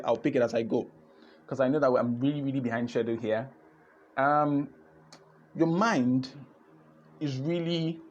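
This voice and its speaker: Nigerian guy on a live stream, lively, repeats himself a lot, kinda muffled lo-fi audio. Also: medium pitch. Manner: animated, repeats words, switches into pidgin. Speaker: host of an online business session.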